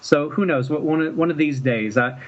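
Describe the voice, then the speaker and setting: Halting storytelling man, dull recording. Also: a little high. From Mississippi, US. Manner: rambling, halting, chuckles often. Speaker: guest, fan filmmaker. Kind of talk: casual storytelling interview. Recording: dull lo-fi with faint noise.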